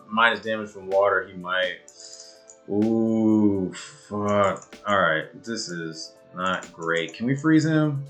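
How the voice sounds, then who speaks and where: A man giving live commentary on his own game match, swearing often and swinging from low muttering to loud outbursts. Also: takes it slowly, soft background music. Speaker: gamer and video creator.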